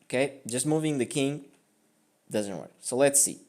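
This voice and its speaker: A man's voice: mid-range voice, expressive, normal speed, a little mellow. A man giving casual, rambling commentary on his own chess game, mocking his own mistakes and filling his talk with "like" and "I mean.".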